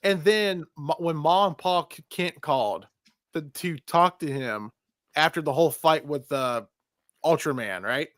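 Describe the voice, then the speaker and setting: A man's voice: on the high side, measured pace, no echo, clean studio sound. A man co-hosting a casual movie review podcast, swearing freely and putting on mocking voices. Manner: profane, animated, does mocking voices. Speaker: podcast co-host.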